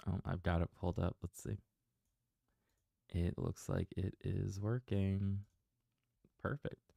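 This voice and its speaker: A man hosts a casual bedtime story livestream from home, chatting gently and laughing softly to himself. His voice is deep, dark and gravelly, and his pace is unhurried, heard close and dry. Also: flat delivery, no room sound.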